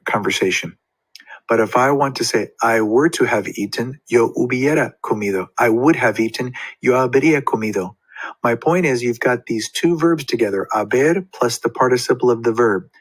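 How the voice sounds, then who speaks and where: A man's voice: medium pitch, low-quality recording. A man who teaches Spanish explains verb tenses to his students, patiently acting out short example dialogues.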